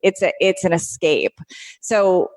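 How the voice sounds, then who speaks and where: A woman's voice: on the low side, lively intonation, slow, darkish tone, slight background noise. Encouraging woman hosting a podcast chat. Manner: encouraging, emphatic, laughs easily. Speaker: podcast host. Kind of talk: casual interview chat.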